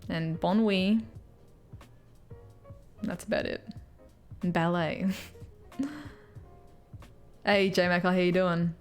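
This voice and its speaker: A woman's voice: on the low side, fairly even intonation, drawn-out words, pauses often, smooth, faint music behind. Chatty Australian woman streamer. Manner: chatty, answers viewer comments, laughs often. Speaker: live streamer. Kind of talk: casual live-stream chat. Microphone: headphones with mic.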